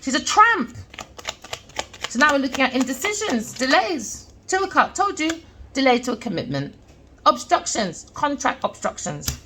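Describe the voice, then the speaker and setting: A woman's voice: high voice, very animated, normal speed, pushed and bright, a little hiss or hum. Scornful, emphatic woman. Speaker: tarot reader. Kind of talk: tarot reading monologue.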